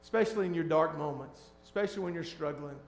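A man preaching as a pastor, shifting between hushed, tender lines and loud, emphatic ones. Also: fairly high pitch, fast, echoey room. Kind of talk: sermon.

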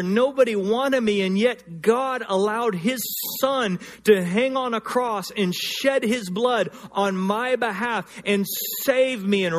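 A man preaching a sermon, swinging from loud emphatic lines to quiet, hushed ones, and telling personal stories. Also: high voice, a little hiss or hum. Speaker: pastor.

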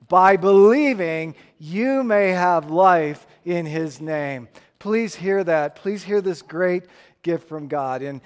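A man's voice: high-pitched, in a large hall. A man preaching a sermon in a church, emphatic and playful with the congregation. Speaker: pastor.

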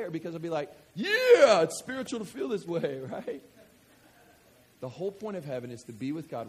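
A man from West Kentucky preaching a sermon, joking with the congregation and swinging from quiet scripture reading to loud excitement. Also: fairly high pitch, breathy edge. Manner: animated, jokey, swings between quiet reading and loud enthusiasm. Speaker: pastor.

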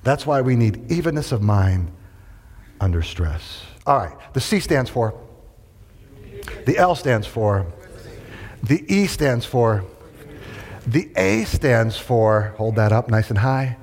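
Animated male preacher in a big hall. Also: mid-range voice, takes it slowly, long pauses. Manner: animated, rhetorical questions and call-and-response. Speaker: pastor. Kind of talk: sermon. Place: large hall with an audience. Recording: long hall reverb.

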